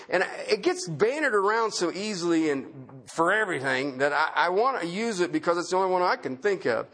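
Animated high-pitched male preacher. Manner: conversational, rhetorical questions, repeats key phrases. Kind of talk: sermon.

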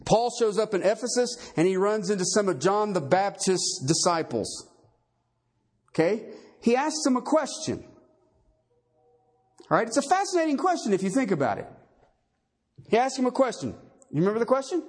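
A man's voice: very high-pitched, sing-song, measured pace, long pauses. A man preaching a sermon, emphatic, quizzing his listeners with rhetorical questions and tagging points with "okay" and "all right.". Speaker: pastor.

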